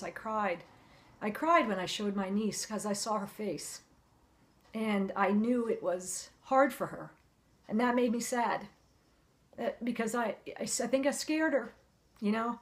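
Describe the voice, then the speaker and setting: A woman's voice: medium pitch, moderate pace. Woman telling a candid personal story. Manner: conversational and heartfelt, with frequent fillers. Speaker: vlogger.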